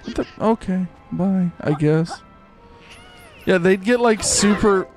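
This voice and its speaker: A young man giving goofy, excitable live commentary while playing a game, rambling with many fillers. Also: high voice, slow. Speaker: streamer. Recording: faint game music behind.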